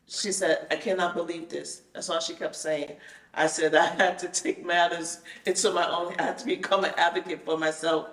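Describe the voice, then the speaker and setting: A woman telling her own story in a casual chat, animated and acting out the conversations she retells. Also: fairly low pitch, normal speed. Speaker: guest telling her experience. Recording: roomy sound, mic at a distance.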